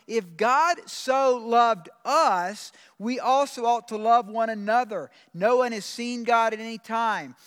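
A pastor preaches to his congregation in a voice pitched quite high for a man. His delivery is earnest: he reads scripture aloud and drags out the phrases he wants to stress. His voice rings out with the long reverb of a big sanctuary. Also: fairly bright tone, clean tone. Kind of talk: sermon. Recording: long reverb of a large room.

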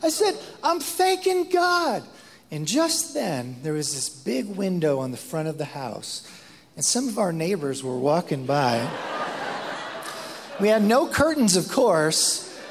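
Animated preacher man in a reverberant hall. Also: fairly high pitch, measured pace, creaky. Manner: animated storytelling preacher, acts out quotes, repeats words. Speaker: pastor. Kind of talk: sermon.

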